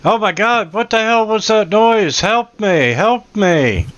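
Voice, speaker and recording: A man's voice: expressive, takes it slowly, fairly bright tone, full character voice. A man voicing a panicked trapped man who screams frantically for help, on dull lo-fi audio. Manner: shrill, frantic pleading.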